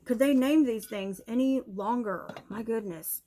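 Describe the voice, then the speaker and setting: A woman's voice: on the high side, animated, takes it slowly, dark tone, slight background noise. Chatty young woman reviewing makeup at home. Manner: chatty, candid, talks to her dog mid-review. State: a little out of breath. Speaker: beauty vlogger. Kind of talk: casual product review chat. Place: home room, TV on in background.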